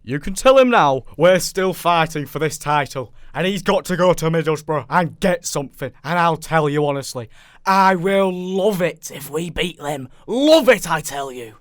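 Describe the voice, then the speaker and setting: Impression: a man doing a fiery middle-aged football boss in a shouted TV rant, loud and emotional, pitched up, dry clean sound. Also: animated, normal speed, hardly any pauses, no room sound, close to an everyday voice. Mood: impassioned.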